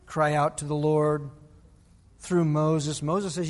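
A man's voice: on the high side, steady tone, unhurried, in a large hall. A male pastor preaching a sermon, telling a Bible story and acting out the people's voices. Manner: storytelling, acts out biblical voices.

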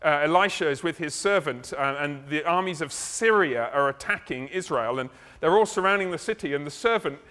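A man preaching a sermon, explaining a passage in a relaxed, conversational way with casual asides. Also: on the high side, a little fast. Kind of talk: expository sermon. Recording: long hall reverb.

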